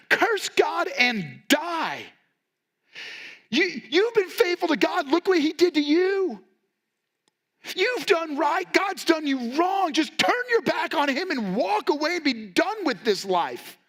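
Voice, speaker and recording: A bitter, despairing wife who scoffs at her husband's faithfulness, as a male preacher puts her on. Her voice jumps well above his own into a high, strained register with a changed, pinched tone. The delivery is mocking and exasperated, full of scorn. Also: very animated, slow pace, a bit bright, full character voice. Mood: scornful.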